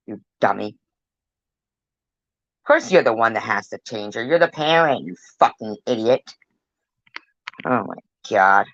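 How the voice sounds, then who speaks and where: Slow, scolding woman commentator. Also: rumbling low, lively intonation, fairly bright tone, no room sound, dull audio. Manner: scolding, heavy cursing and insults. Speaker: reaction commentator. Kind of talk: angry reaction commentary.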